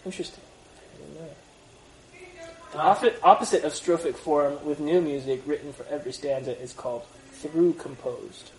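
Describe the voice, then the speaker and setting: A man's voice: a little high, steady tone, normal speed. A man leading a small Bible study group, reading passages aloud and stopping to chat and explain. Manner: reads aloud steadily, stops to comment. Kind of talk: reading and casual group discussion. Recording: roomy room, distant mic.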